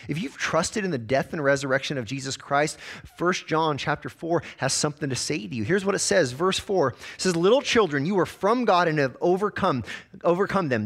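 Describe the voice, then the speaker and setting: Male pastor preaching, fairly high voice, lively swooping delivery, stutters on openings, keeps asking the room questions. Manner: stammers on first words, rhetorical questions to the congregation. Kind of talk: sermon.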